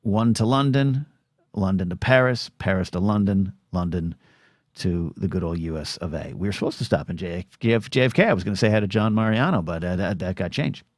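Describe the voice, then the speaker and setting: A man's voice: sits low, fairly quick, no room sound, clean studio sound. A middle-aged man hosting a solo podcast, rambling and self-deprecating, stumbling over restarts and acting out quoted voices. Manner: acts out quoted voices in short bursts.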